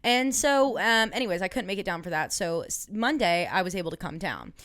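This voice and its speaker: A woman's voice: medium pitch, lively intonation, brisk, a bit bright, no room sound, clean studio sound. A woman co-hosting a podcast, chatting casually and telling a story full of swearing and acted-out quotes. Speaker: podcast co-host. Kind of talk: casual chat.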